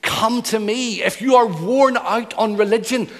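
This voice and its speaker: Man doing God, gentle and inviting, soft repetitive calls, high voice, long hall echo. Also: a little slow. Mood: tender invitation. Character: God inviting weary people, gentle and tender.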